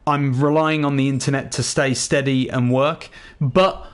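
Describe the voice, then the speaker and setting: A man's voice: medium pitch, fairly even intonation, moderate pace, smooth. Chatty English man wrapping up a video. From England. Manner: chatty, earnest, rambling. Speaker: gaming YouTuber. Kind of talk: casual outro to viewers.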